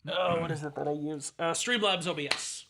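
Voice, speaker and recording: A man's voice: on the high side, a little fast, a crowd in the background. A man hosting a casual podcast chat, reading web listings aloud with chuckles and trailing asides. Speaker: podcast host browsing the dark web.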